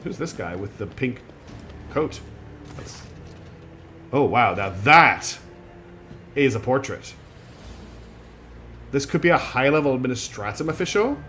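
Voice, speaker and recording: A man's voice: mid-range voice, sing-song, measured pace, long pauses, sharp tone, faint music behind. Chatty, rambling male game streamer. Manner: chatty, rambling and self-deprecating. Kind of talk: casual gaming commentary.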